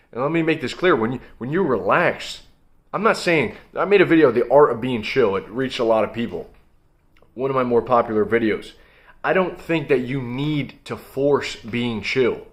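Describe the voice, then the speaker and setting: Speaking at a medium pitch, this young man delivers forceful, no-nonsense motivation straight to his audience as the host of his own video channel.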